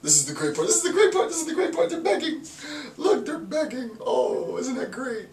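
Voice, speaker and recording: Man voicing a high giggling taunting mocker, gloating, roomy sound from a distant mic. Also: huge pitch swings, brisk, a little mellow, full character voice. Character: gloating mocking onlookers, sneering at beggars.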